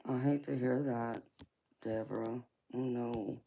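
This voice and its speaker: A woman's voice: a bass voice, fairly even intonation, a little slow, vocal fry, dark tone, slight background noise. A woman, tired from little sleep, hosting a tarot livestream and talking affectionately with viewers, calling them honey and girlfriend. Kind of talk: casual livestream chat.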